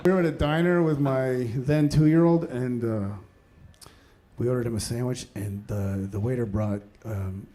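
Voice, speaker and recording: A middle-aged man doing a stand-up routine about parenting, ranting in an exasperated way and breaking into shouted outbursts. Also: on the high side, steady tone, fairly quick. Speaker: stand-up comedian. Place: comedy stage before a laughing audience. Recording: live stage set with loud audience noise.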